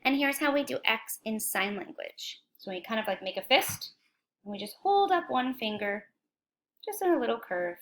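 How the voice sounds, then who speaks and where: A woman teaching a children's phonics lesson, speaking slowly and clearly, encouraging and asking young viewers questions. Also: fairly high pitch, expressive, a bit bright. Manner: slow, clear, encouraging, asks questions to kids.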